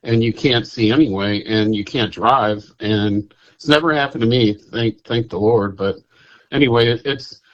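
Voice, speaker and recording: A man calling in to a radio show, talking in a halting, folksy way and repeating himself. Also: on the low side, highs cut off. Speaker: caller. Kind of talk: casual call-in chat.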